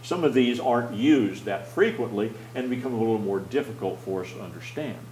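A man with a mid-pitched, slightly mellow voice teaches a Bible class, explaining things plainly and stopping to ask his listeners questions. He frequently restarts phrases while thinking, and the roomy audio carries a faint hum underneath.

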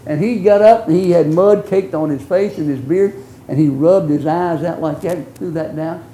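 An older man preaching a sermon, telling stories in a folksy, earnest way that swings from loud to hushed. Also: on the high side, moderate pace, echoey room, slight background noise, low-quality recording. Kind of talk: sermon storytelling.

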